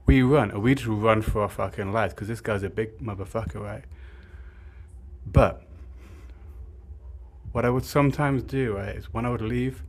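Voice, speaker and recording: A man's voice: fairly low pitch, normal speed, pauses often. A young man telling a rambling, sweary story, with lots of filler words. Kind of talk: casual storytime monologue.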